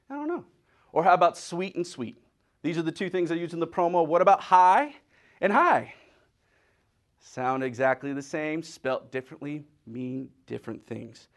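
A man with a fairly high voice delivers a lighthearted sermon. He is middle-aged and animated, jumping between jokes and stories built on wordplay. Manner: animated storytelling with playful wordplay. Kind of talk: humorous sermon.

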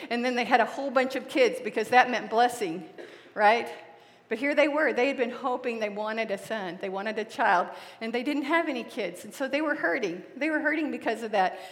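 Middle-aged woman, Bible teacher, storytelling, animated, laughs a lot, higher voice, reverberant hall. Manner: animated, laughs often while telling stories.

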